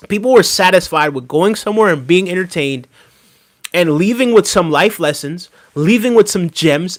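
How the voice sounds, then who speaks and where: A man hosts a casual live stream, talking straight to his viewers and answering their comments. His voice sits a little high, and he rambles with plenty of fillers and restarts. When he rants, he gets heated and insistent. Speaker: livestream host.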